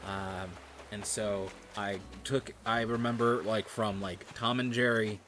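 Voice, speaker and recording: A man's voice: fairly low pitch, steady tone, unhurried, background noise. A man chatting casually while streaming a game, telling rambling stories and swearing freely. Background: game music.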